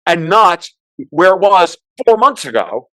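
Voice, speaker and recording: A man giving heated, profane market and political commentary as a podcast guest, ranting with sudden loud outbursts. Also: high voice, no echo. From United States.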